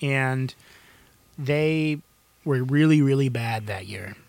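A man chatting on a podcast, excitable and quick to laugh, often restarting his sentences. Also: medium pitch, gravelly, dry recording. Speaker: podcast co-host. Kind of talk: casual chat.

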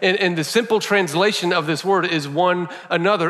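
A man's voice: sits high, moderate pace, a bit bright, in a large hall. A male pastor preaching a sermon in a conversational way, repeating phrases for emphasis.

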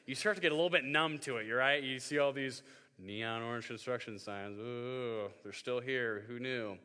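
A young pastor in his twenties tells a funny story in a sermon, playing out the voices of the people in it. His voice is bright and forward. It rings with the long reverb of a big hall. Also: mid-range voice, normal speed, smooth. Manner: joking storytelling, acts out voices. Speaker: youth pastor.

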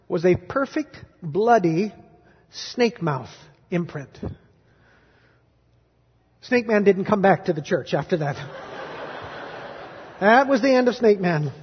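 A man preaching a sermon as pastor, telling stories dramatically and moving from hushed to loud. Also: high voice, slightly rough. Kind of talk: sermon with storytelling. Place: church sanctuary. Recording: dull recording in a reverberant hall.

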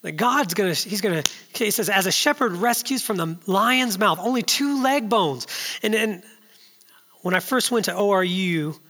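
Man preaching with a bright, high voice. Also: expressive, normal speed, long reverb tail. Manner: storytelling, builds from hushed to loud and urgent. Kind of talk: sermon.

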